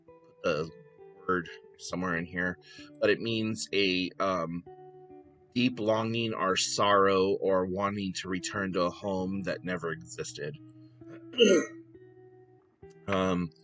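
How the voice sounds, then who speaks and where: A soft-spoken man in his thirties with a low, bright-edged voice, talking unhurriedly to the camera. He pauses often on fillers and restarts his sentences, while faint guitar music plays underneath. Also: steady tone. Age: 30s. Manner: hesitant, many fillers and restarts. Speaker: vlogger. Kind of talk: casual chat to camera.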